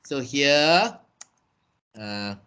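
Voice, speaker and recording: Man, Malaysian English accent, unhurried delivery, mid pitch, online writing trainer, keyboard clicks behind. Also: sing-song, pushed and bright, clear, resonant tone. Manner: slow, repetitive, checks understanding with "okay" and "eh". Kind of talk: online business writing class.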